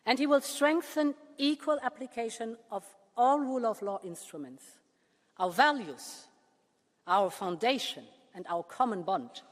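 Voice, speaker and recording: A woman leader giving a formal prepared speech to a parliament. She speaks in a measured way and slows down with pauses to stress key words. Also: on the high side, animated. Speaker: political leader addressing a parliament. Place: large parliament chamber. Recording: long reverb of a large chamber.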